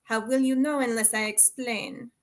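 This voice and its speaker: A woman reading aloud the lines of a charming French man with a French accent, who speaks in a smooth, easygoing way. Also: a little high, fairly even intonation, moderate pace, lightly acted. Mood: coaxing. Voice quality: silky, easygoing.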